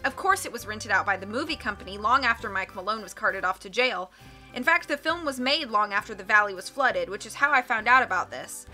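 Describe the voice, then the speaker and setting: A woman's voice: medium pitch, expressive, fairly quick, sharp tone, faint music behind. A woman reading the lines of an eager young man who loves old films, in her own voice. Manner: eager, explaining. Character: young adult male film buff.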